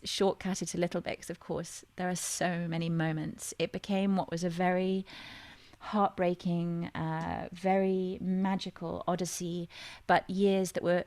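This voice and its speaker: Radio guest: a woman with a lowish voice and a dry, close sound, reflective and searching as she talks. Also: a little mellow, no echo. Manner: reflective and searching, with many pauses and restarts. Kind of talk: personal storytelling in a radio interview.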